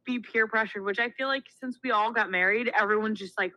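Bright-voiced chatty young woman. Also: mid-range voice, fast, dry recording, rough recording. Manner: animated storyteller acting out quotes. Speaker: podcast co-host. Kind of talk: casual chat.

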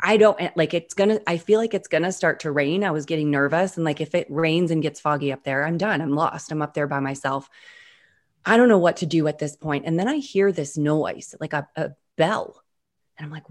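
A woman guest telling a personal outdoor story over a video call, animated and full of "like". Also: sits low, brisk. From Utah. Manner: animated, frequent "like". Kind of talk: storytelling interview.

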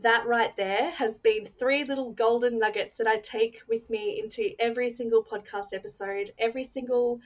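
A woman's voice: a little high, steady tone, normal speed, hardly any pauses, muffled recording. A young woman hosting a podcast interview, earnest and effusive as she introduces and thanks her guest. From Australia. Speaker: podcast host.

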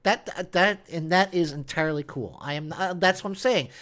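A man's voice: fairly high pitch, normal speed, a bit bright. A man hosting a podcast, arguing earnestly in casual political chat, often restarting his sentences. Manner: earnest, argumentative, many restarts. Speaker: podcast host.

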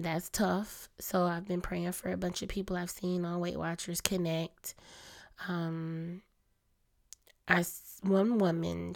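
A young adult woman hosts a casual personal podcast, talking straight to her listeners as "y'all" in a chatty, confiding way. Her voice comes out a little hoarse and throaty, deeper and more grown-up than her usual small one.

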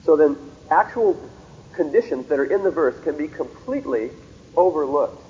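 A man's voice: on the high side, lively intonation, moderate pace, mellow, muffled recording, slight background noise. A man lecturing methodically on Bible verses, reading scripture aloud with emphasis and checking in with rhetorical questions. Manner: asks rhetorical checks like "See?" and "Okay?". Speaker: lecturer on theology.

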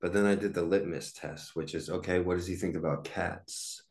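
A man in his forties talks through a solo podcast in a very low voice. He rambles and circles back, filling gaps with fillers and false starts. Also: steady tone, normal speed, darkish tone. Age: 40s. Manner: rambling, with many fillers and restarts. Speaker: podcast host. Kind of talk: casual solo podcast monologue.

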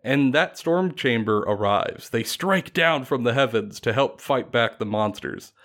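A man casually retelling a fantasy battle story on a podcast, animated and laughing often. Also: mid-range voice, a little slow.

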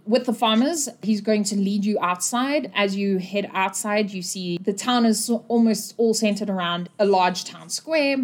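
A woman narrating as game master of a tabletop game in a loose, conversational way. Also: mid-range voice. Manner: conversational, rambling with fillers.

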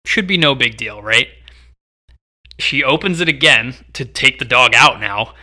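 A man's voice: mid-range voice, lively intonation, unhurried, bright, forceful tone. A young man in his twenties, a podcast co-host telling a story in a casual, rambling way with many fillers. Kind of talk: casual chat.

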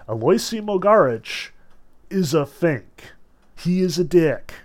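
A man's voice: on the high side, slow pace. A man reading aloud from a novel and explaining it, blunt and casual in his asides, raising his voice when he quotes the characters. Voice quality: animated, swings into raised voices when quoting characters. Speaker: literature lecturer.

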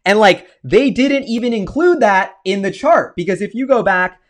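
A man hosting a casual livestream, excitable and rambling, often restarting his sentences as he talks. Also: sits high, moderate pace. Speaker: stock-market video host.

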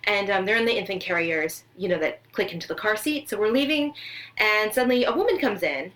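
A woman's voice: medium pitch, a little fast, rough recording. Chatty woman podcast co-host. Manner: chatty storyteller, animated quoted voices. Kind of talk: casual chat.

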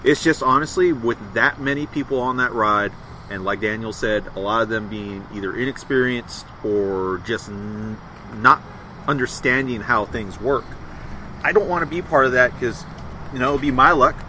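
A man with a bright, forward voice talks through a motorcycle podcast in a loose, rambling way. He speaks at a middle pitch. Faint traffic and passing cars run underneath the recording. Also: moderate pace, poor audio. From Middle Tennessee, US. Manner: relaxed, rambling, laughs easily. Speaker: podcast co-host. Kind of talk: casual motorcycle chat.

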